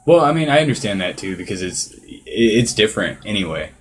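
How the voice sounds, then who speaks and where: A man's voice: on the low side, very animated, fairly quick, a little hiss or hum. A man in casual podcast chat, laid-back and rambling, swearing freely. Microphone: shared podcast mic, creaking chair.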